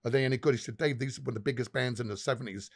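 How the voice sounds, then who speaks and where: A man's voice: mid-range voice, racing, creaky. A man, a pub owner, telling rambling, profane anecdotes as a podcast guest. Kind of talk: casual podcast storytelling.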